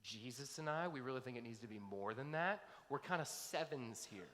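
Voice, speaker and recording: A man's voice: medium pitch, expressive, brisk, fairly bright tone, close to an everyday voice. A man acting out an eager, self-satisfied male apostle, showing off how spiritual he is. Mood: smug. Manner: smug, showing off. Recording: long hall reverb.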